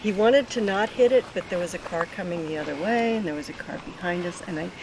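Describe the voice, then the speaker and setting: Woman calmly recounting a story outdoors. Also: fairly low pitch, fast. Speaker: guest sharing a story. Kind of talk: personal storytelling. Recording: outdoor traffic noise.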